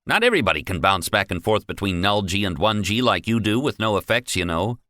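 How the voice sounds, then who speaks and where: A man's voice: on the low side, sing-song, fairly quick, sharp tone, dry recording, clean studio sound. A man voicing an irritable, abrasive male manager.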